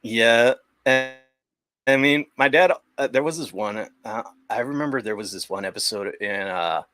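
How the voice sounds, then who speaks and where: A man's voice: mid-range voice, moderate pace, bright, forceful tone, dry recording. A young man chatting casually as a guest on a stream, rambling with many restarts and the odd swear. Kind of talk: casual chat.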